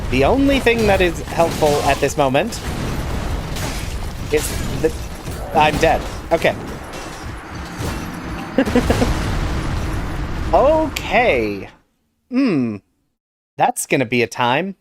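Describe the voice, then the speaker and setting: A man's voice: on the high side, big pitch swings, unhurried, pauses often, over music. A man giving wry, self-mocking let's play commentary as he plays through a game. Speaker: gamer playing a randomizer.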